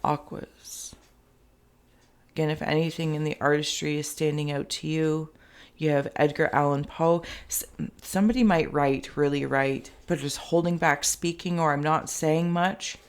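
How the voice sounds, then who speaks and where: A woman's voice: low voice, fairly even intonation, normal speed, clean tone. A woman giving a spoken tarot and spirit reading to camera, rambling and thinking aloud with many fillers and restarts. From Canada. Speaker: tarot reader and psychic.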